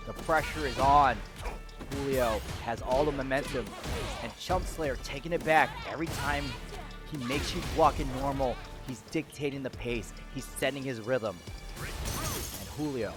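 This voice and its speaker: Male play-by-play caller, mid-pitched, hypes big moments, music bed underneath. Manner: excitable, shouts at big moments. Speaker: tournament commentator. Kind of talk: fighting game play-by-play commentary. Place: gaming venue.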